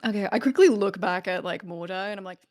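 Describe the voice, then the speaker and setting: A woman's voice: medium pitch, a little fast, darkish tone. Giggly woman at a tabletop game. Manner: giggly, swears casually. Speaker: player. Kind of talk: casual tabletop game chat.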